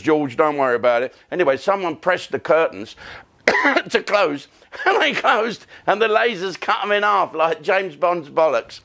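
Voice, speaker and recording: A man's voice: sits high, vocal fry, a bit bright. Older comic, sweary and rambling, lots of up and down in his voice. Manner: rambling, profane, self-mocking. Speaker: comedian. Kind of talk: comic monologue, casual storytelling.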